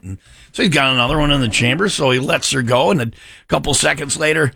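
A man's voice: a little high, fast, creaky, pushed and bright. A young man co-hosting a radio show, telling jokes and stories in casual banter and laughing along. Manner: jokey storyteller, laughs at his own jokes.

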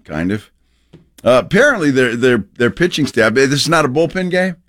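A man hosting a sports talk radio show, teasing his co-host with quick laughs. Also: medium pitch, expressive, fairly bright tone, no echo.

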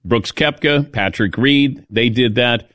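On his casual sports talk radio show, a man tells stories with a chatty, sarcastic edge. His medium-pitched voice is fairly bright and slow-paced, captured dry at studio quality.

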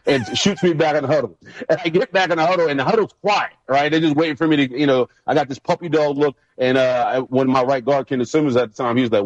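A man in his thirties, a guest and former pro football player, telling stories in a casual, animated way and acting out his coaches' yelling. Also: mid-range voice, fast, dull audio. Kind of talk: casual storytelling on a radio show.

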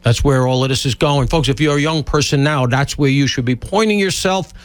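A man's voice: medium pitch, brisk, no echo. A man hosting a talk radio show, blunt and sarcastic, riffing emphatically on the news. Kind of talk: opinionated talk radio chat.

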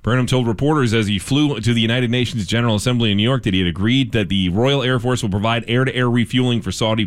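Casual-reading male radio news host. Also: mid-range voice. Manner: reads news items with casual asides and fillers.

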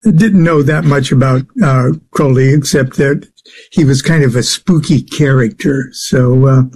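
A man answering interview questions as a guest, speaking haltingly with many filler sounds. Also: mid-range voice, darkish tone, husky. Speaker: guest expert on the occult.

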